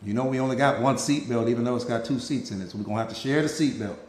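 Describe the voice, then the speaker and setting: A man's voice: medium pitch, racing, a little mellow, echoey room, slight background noise. A man giving a live motivational talk as a mindset coach, emphatic and preachy, repeating key lines and bantering with people in the audience by name.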